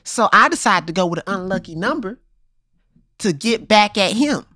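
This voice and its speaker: A woman's voice: mid-range voice, animated, normal speed, bright, forceful tone, no room sound. Woman telling an improv story. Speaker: improv player.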